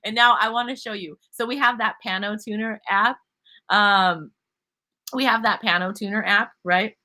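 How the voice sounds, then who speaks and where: A woman teaching a live online singing class, upbeat and quick to laugh, stopping to sing demonstration notes. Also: medium pitch, fairly even intonation, pushed and bright.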